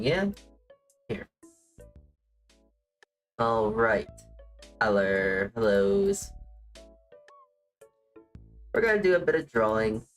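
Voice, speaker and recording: With quiet music faintly in the background, a male VTuber rambles through a casual livestream chat, filling it with "like" and self-deprecating jokes. His voice sits at a typical middle pitch, and the audio quality is poor.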